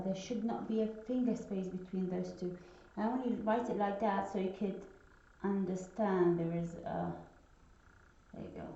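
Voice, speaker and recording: A woman teacher slowly taking young children through a phonics lesson, patiently repeating each sound. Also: medium pitch, mellow. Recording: echoey room, dull lo-fi sound.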